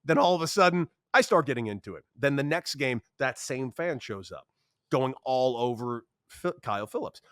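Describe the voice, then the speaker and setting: A man in his thirties, a podcast guest telling a story in a casual, animated way, acting out quotes with sudden jumps in voice. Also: moderate pace, no room sound, studio quality. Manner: animated, acts out quotes with big pitch jumps. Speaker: podcast guest, former baseball player.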